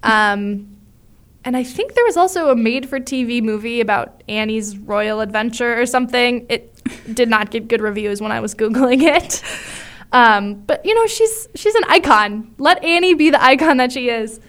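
A woman's voice: on the high side, lively intonation, moderate pace, fairly bright tone. A woman co-hosting a casual chat about musicals, chatty and enthusiastic, with many fillers. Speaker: podcast co-host.

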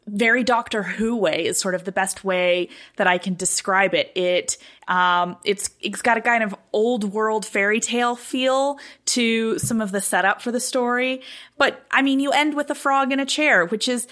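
A woman co-hosting a podcast in casual chat, thinking aloud with lots of fillers and growing animated as she talks. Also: on the high side, normal speed. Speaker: podcast co-host.

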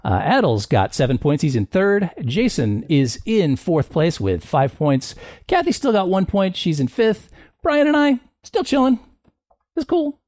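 A man's voice: sits high, sing-song, unhurried, darkish tone, dry recording, studio quality. A man hosting a comedy game show podcast, playful and teasing. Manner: playful, teasing, breaks into goofy voices.

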